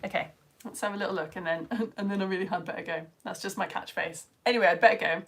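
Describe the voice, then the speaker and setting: A woman's voice: mid-range voice, fast, fairly bright tone, slight background noise. A woman teaching children's science lessons, chatting on a live stream into her phone as she reads out viewers' comments and calls out their names. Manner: bubbly, chatty, exclaiming names.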